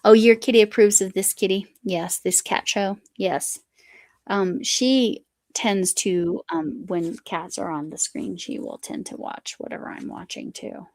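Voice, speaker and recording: A woman's voice: medium pitch, measured pace, a little mellow, dry recording. A woman hosting a casual live chat while she crochets, reading viewer comments aloud and talking to her cat. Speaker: livestream host.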